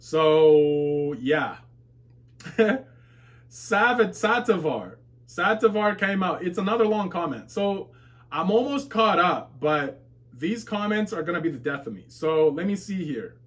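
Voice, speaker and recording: A casual, excitable man reads viewer comments aloud on a live reaction stream. His voice sits a little high for a man and swings from low mutters to loud yelps. He laughs and swears freely as he reacts. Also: a little slow. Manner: excitable, swears and shouts at plot twists, laughs often.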